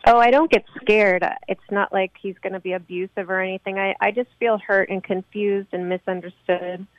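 A woman's voice: mid-range voice, steady tone, moderate pace, no room sound. Woman caller on a tinny phone line. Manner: talkative, hesitant, with ums. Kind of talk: phone-in call.

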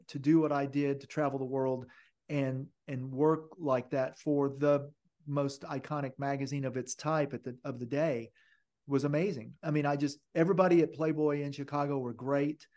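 A man's voice: medium pitch, steady tone, moderate pace, darkish tone. An older man, a podcast guest, telling long stories in a rambling way with many restarts and fillers. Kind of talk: casual interview storytelling.

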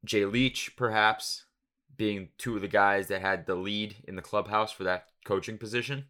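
Deep, bright-voiced wry podcast co-host. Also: male voice, fairly even intonation. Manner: wry, quick jokey asides. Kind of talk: casual sports podcast chat.

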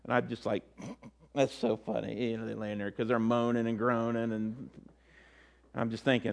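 A man's voice: mid-range voice, expressive, unhurried, gravelly, pauses often. A middle-aged man giving a sermon as a pastor, telling stories and acting out the quotes in different voices. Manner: storytelling, acts out quotes with voices.

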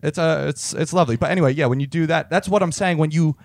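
A man hosting a podcast in casual chat, crude and animated, often laughing and acting out shouted road-rage exchanges. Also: a little high, fast talker, dry recording, studio quality. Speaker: podcast host.

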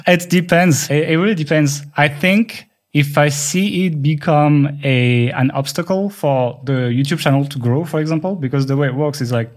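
A man with a French accent, a non-native English speaker co-hosting a podcast, explaining at length in casual chat. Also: a little high. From France. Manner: rapid talker who explains at length. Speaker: podcast co-host.

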